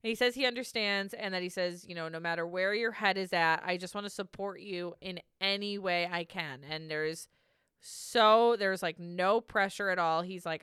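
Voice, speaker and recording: A woman's voice: on the low side, normal speed, a bit bright, smooth, no room sound, studio quality. A young woman co-hosting a podcast, chatting casually through a reality show recap, laughing often and swearing freely. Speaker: podcast co-host.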